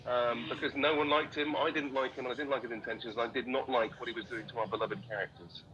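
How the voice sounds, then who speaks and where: A man's voice: mid-range voice, steady tone, quick pace, dull audio, crowd noise. A man with a British accent, an actor talking casually in an interview, self-deprecating and laughing often. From Britain. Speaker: actor guest.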